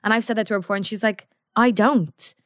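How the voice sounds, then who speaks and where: A woman's voice: medium pitch, flat delivery, very fast, no room sound, studio quality. A woman, chatting as a guest singer and acting out her own past thoughts. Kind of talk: casual chat.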